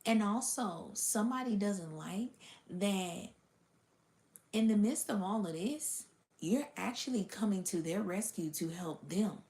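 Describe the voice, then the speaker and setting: A woman's voice: medium pitch, animated, measured pace, darkish tone. A woman giving a casual spiritual reading to her audience, blunt and profane, sometimes dropping to a whisper. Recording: roomy echo.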